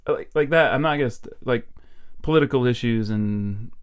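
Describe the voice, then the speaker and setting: A man's voice: medium pitch, normal speed, clean tone. A middle-aged man co-hosting a home-recorded podcast, chatting casually and laughing at himself as he rambles. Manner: rambling, self-mocking, laughs often. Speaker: podcast co-host. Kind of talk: casual chat.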